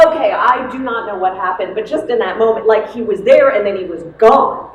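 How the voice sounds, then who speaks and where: A woman retelling a Bible story in the first person, expressive with dramatic pauses, as in a church service. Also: mid-range voice. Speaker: worship storyteller. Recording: echoey room, mic far off, noisy.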